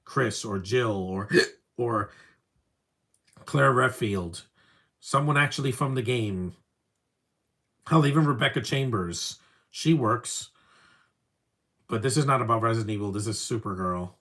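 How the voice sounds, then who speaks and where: A young man talks over a film he is watching, offering blunt, wry opinions in a casual way. His voice sits at an ordinary pitch, and his remarks often drop off into low, muttered asides. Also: a little slow, pauses often. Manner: wry, opinionated, trails off quietly. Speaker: film commentary host. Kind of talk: casual live movie commentary.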